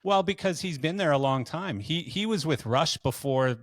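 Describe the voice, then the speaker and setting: A man's voice: fairly high pitch, lively intonation, normal speed, no echo. Rambling Canadian man hosting a podcast. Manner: rambling storyteller, lots of fillers and restarts. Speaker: podcast host. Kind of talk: casual interview chat.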